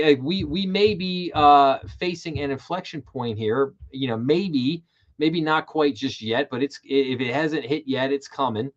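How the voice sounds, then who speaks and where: A man hosting a weekly banking stream, reading news items and then chatting about them in a loose, filler-heavy way. His voice sits at an ordinary middle pitch. The stream audio sounds a little dull and lo-fi. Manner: casual, reads headlines then riffs with fillers. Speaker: show host. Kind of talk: livestream financial news commentary.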